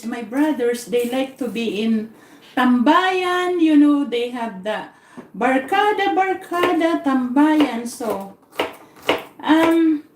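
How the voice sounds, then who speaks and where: A woman hosting a cooking livestream, telling a rambling story from her kitchen and repeating words as she goes. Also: high voice. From Philippines. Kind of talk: casual storytelling while cooking. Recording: echoey room, faint noise.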